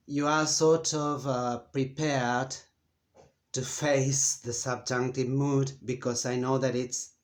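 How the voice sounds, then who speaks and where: A man teaching a Spanish grammar lesson in English, speaking slowly and deliberately with frequent fillers and pauses. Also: medium pitch. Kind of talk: slow, careful grammar lesson. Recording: echoey room.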